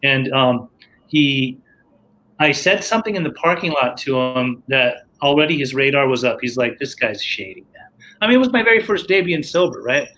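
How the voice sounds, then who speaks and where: A man's voice: medium pitch, animated, moderate pace, bright, forceful tone, poor audio. A man casually telling a story from his recovery, rambling with lots of fillers and restarts.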